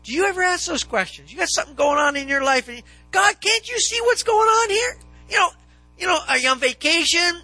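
A man preaching a sermon to his congregation, animated and swinging into loud, dramatized questions. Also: extremely high pitch, no echo, rough recording. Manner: animated, rising to near-shouts in dramatized questions. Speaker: pastor. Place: church sanctuary with congregation.

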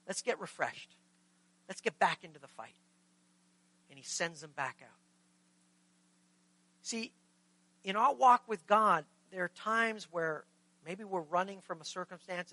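Bright high-pitched preaching man. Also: rough recording. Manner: earnest preaching, acts out short quoted exchanges. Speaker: pastor. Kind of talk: sermon.

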